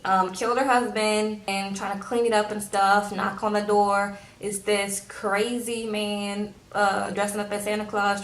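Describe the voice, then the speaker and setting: Her voice medium-pitched and fairly bright, a young Louisiana woman who vlogs TV recaps chats sassily about an episode and plays out the characters' lines. The recording has an echoey room sound.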